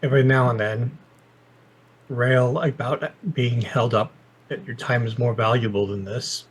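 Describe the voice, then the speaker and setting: A man acting as game master for a tabletop roleplaying game. His voice is husky and breathy at a middle pitch, and he gives the players calm, measured advice. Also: low-quality recording.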